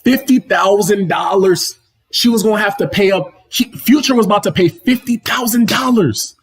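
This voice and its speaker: Husky-voiced man ranting on a livestream. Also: high voice, moderate pace. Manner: mocking, excitable, slangy, addresses chat. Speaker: livestream host. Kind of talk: opinionated livestream commentary. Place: home, apartment.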